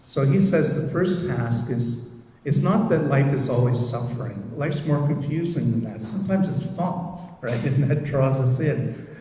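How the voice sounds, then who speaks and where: A man who leads meditation groups, giving a gentle, reflective talk with many pauses and fillers. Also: medium pitch, animated. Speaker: meditation group leader and therapist. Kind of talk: recorded presentation. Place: lecture room. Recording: echoey hall, distant mic.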